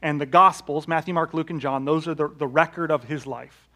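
A man preaching a sermon in a conversational way, with rhetorical questions, that rises to loud emphatic peaks and drops to hushed, low lines. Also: fairly even intonation, a little fast. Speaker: pastor.

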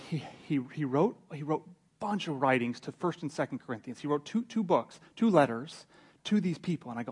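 A male pastor preaching a sermon, telling the story with lively character voices and swings from loud to hushed. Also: a little high, moderate pace, slightly rough.

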